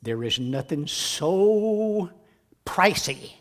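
A man preaching a sermon in a dramatic way, dropping to a hush and then rising to shouts. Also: on the high side, big pitch swings, takes it slowly. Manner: dramatic, swings from hushed to shouting.

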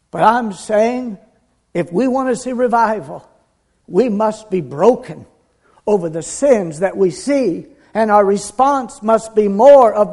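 A man preaching a sermon with earnest conviction, dropping to a hush and building to emphatic peaks. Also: high voice.

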